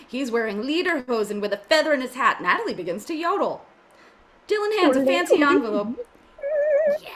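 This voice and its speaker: A woman narrates the stage directions of a script in a casual amateur reading and drops in offhand jokes. Her voice is bright and a little high, and her pitch moves a lot. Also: big pitch swings, moderate pace. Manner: reads directions with joking asides.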